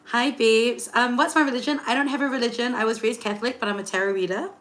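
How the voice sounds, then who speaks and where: A young woman, hosting a casual livestream, chatty and full of fillers, excitedly greeting viewers. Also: on the high side, fast talker, a little hiss or hum. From Singapore. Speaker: livestream host and tarot reader.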